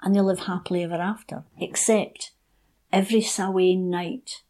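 A woman telling a folk tale aloud, expressive and shifting between hushed and lively. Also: on the low side, moderate pace. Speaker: storyteller guest. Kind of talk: oral folk storytelling.

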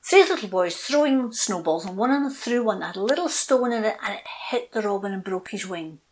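A woman's voice: mid-range voice, brisk, a little hiss or hum, rough recording. A woman telling a children's folk tale, doing voices for the characters. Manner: lively storytelling with character voices. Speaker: storyteller guest.

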